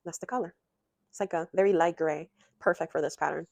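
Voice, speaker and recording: A young adult woman chatting excitedly about cross stitch in a casual vlog from her home craft room, rambling and gushing with lots of fillers. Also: fairly low pitch, a little fast, vocal fry, no echo.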